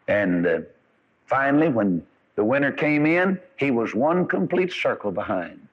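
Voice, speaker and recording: Man, preacher, folksy sermon storytelling, muffled radio recording. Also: lowish voice. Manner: folksy storytelling, rising and falling emphasis. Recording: dull lo-fi radio broadcast.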